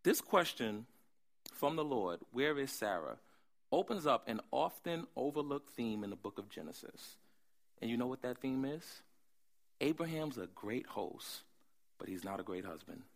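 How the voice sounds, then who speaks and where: A man preaching a sermon, animated, swinging from hushed asides to loud emphasis. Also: mid-range voice, normal speed, gravelly. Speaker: pastor.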